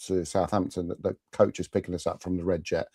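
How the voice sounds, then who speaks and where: A man's voice: low-pitched, level tone, fast, dark tone, husky, no echo. A middle-aged man hosting a live fan chat show, telling rambling stories full of restarts and fillers. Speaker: podcast host. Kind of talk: casual live-stream chat.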